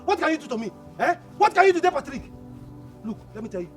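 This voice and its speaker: A furious younger brother in a film, shouting high and fast, tripping over his own words. His voice swoops up and down with rage. A soft music bed sits under him. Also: big pitch swings. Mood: defiant. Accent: Nigerian. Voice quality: stammering, repetitive shouting. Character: furious younger brother, loud, stammering, defiant. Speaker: younger brother in a family feud. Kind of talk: Nollywood film acting.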